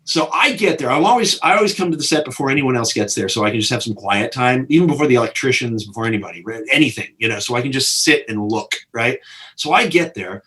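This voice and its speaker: Talking at a quick pace in a mid-range voice, a middle-aged man who directs films tells interview stories from behind the scenes. He performs the quotes of the people involved, giving them big, animated voices.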